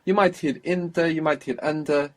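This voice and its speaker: A man's voice: fairly high pitch, steady tone, moderate pace. A man teaching a language lesson, patiently prompting his student with questions and repeating the answers.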